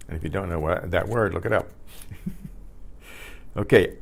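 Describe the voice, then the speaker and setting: A man teaching a beginners' Spanish lesson, saying each word slowly several times and spelling it out, and clearing his throat now and then. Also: low-pitched, expressive. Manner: slow, repeats each word many times.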